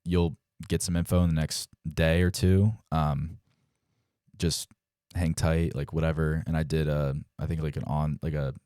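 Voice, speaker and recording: With a rumbling low, clear, and resonant voice at normal speed, a young pro baseball player in his twenties tells casual stories on a podcast. He animatedly acts out quoted dialogue and uses "like" frequently. The recording is dry, with clean studio sound.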